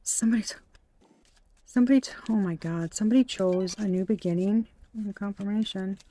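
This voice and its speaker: A young woman giving an excitable tarot reading, exclaiming, gasping and swearing as she goes. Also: medium pitch, a little fast. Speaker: tarot reader.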